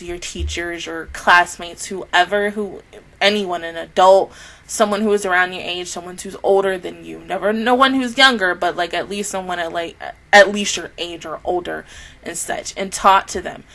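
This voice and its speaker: A woman with a somewhat low voice speaks to the camera in a casual, loose review. She is earnest and heartfelt, rambling and circling back as she talks. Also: fairly bright tone, low-quality recording. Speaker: anime reaction YouTuber.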